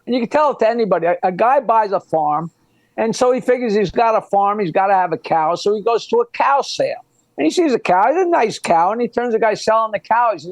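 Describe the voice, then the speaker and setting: A man's voice: high voice, animated, fast, no echo. A man who is a comedian guest on a podcast, trading jokes in casual chat and laughing at his own punchlines.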